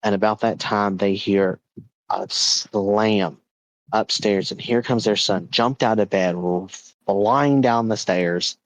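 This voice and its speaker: A low-voiced man telling a haunted-object story in a chatty, animated podcast style. He leans on casual filler words as he builds the tension. The recording is dry and close. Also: slow, no echo, low-quality recording. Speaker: podcast host.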